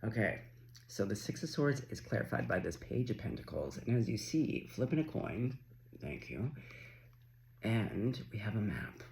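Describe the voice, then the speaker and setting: Man, gravelly voice, lively up-and-down delivery, casual chatty tarot reader, swears offhand. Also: fairly low pitch, moderate pace, slight background noise. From Canada. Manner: chatty, excitable, swears casually, coos at his dog. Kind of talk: casual tarot reading chat.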